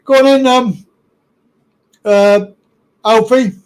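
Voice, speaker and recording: A man's voice: sits high, steady tone, slow, clean tone, poor audio. A British man hosting a live stream, talking casually and bluntly with lots of swearing.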